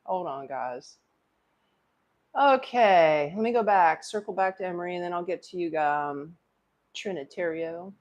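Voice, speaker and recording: A woman's voice: fairly low pitch, a little slow, darkish tone, lo-fi sound. Emotional middle-aged woman host, rambling. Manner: rambling, emotional, talks straight to viewers. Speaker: livestream host. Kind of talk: casual storytelling to live chat.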